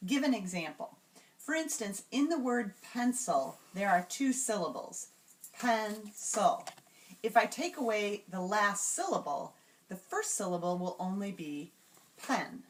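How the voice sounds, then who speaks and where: Woman calmly demonstrating a reading lesson. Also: medium pitch. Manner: patient, slow sounding-out of words. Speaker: teacher trainer. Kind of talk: instructional demonstration.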